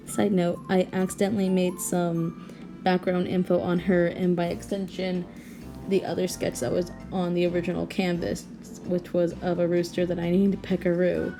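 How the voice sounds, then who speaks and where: A young artist vlogger rambles casually at home late at night about her own character drawing, restarting sentences and giggling often. Her voice is fairly low-pitched and warm.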